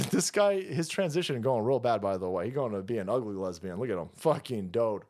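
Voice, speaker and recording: A man's voice: medium pitch, lively intonation, fairly quick, darkish tone. A man hosting a livestream, ranting in a profane, mocking and abrasive way. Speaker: streamer host. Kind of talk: livestream rant.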